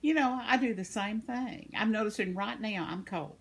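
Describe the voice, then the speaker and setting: A woman's voice: medium pitch, normal speed, creaky, husky. An older woman, chatting casually at home, laughing often as she reads comments from her viewers. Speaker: vlogger reading viewer comments. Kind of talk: casual chat. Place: at home, indoors.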